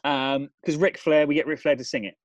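A man co-hosting a comedy chat, rambling through an absurd film pitch with lots of ums. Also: fairly even intonation, a little fast, no room sound, muffled recording. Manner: rambling, builds absurd scenarios with fillers.

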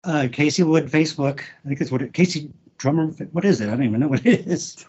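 A man talking as a podcast guest about an old friend, halting with restarts, emotional and swearing freely. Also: fairly high pitch, darkish tone, lo-fi sound, slight background noise. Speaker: guest, former wrestler. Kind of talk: casual podcast interview.

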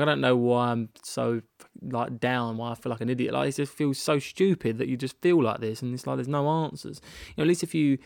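British male podcast host, young, gravelly tone, dry close sound, rambling and self-deprecating. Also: mid-range voice, dry recording. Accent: British English. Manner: rambling, frequent restarts and self-deprecating laughs. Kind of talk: candid solo podcast monologue. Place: rented holiday annex.

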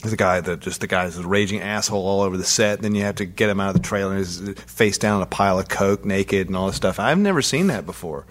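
A man's voice: low-pitched, fast, few pauses. A man, a guest musician, telling stories in a casual studio interview in a laid-back, profane way. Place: recording studio. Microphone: studio microphone close up.

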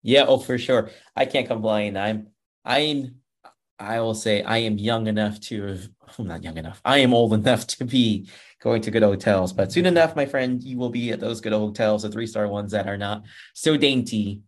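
A man's voice: fairly low pitch, moderate pace. A man in his thirties hosting a racing talk podcast, upbeat and rambling, often addressing listeners as folks. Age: 30s. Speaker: podcast host. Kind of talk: casual show wrap-up chat.

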